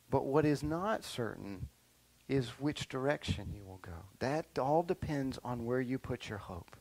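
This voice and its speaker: A middle-aged male pastor preaching a sermon to young listeners, animated and checking in often with "right?" and "okay?". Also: medium pitch, gravelly, rough recording. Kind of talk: sermon to children and youth.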